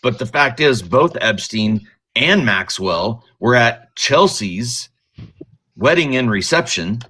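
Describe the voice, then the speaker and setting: A man, a regular panelist on a live political talk show, speaking haltingly with many ums and restarts. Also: medium pitch, sing-song, sharp tone, husky. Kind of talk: casual political chat.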